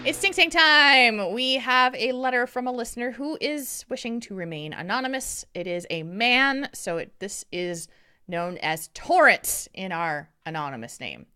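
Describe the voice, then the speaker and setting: Bright, chatty podcast host woman. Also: normal speed, smooth, dry recording, studio quality, faint music behind. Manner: chatty, giggly, with lively swings in pitch. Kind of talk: casual podcast chat.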